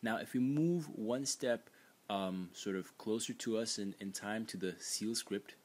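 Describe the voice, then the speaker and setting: A man with a very low voice talks through a lesson. He explains step by step and often pauses on fillers and restarts his phrases, like someone thinking aloud. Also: darkish tone. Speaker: language teacher. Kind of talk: screen-recorded lesson narration.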